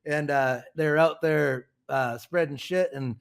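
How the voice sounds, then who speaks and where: Animated storytelling man, higher voice. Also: takes it slowly, gravelly. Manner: animated storyteller, casual and profane. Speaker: podcast co-host. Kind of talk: casual podcast chat.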